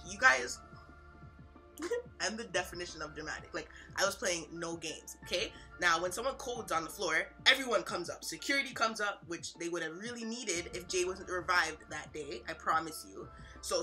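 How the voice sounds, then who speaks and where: A young woman tells an emotional story, talking in a slangy, animated way with many fillers and sudden loud and quiet stretches. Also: lowish voice. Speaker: vlogger, mother.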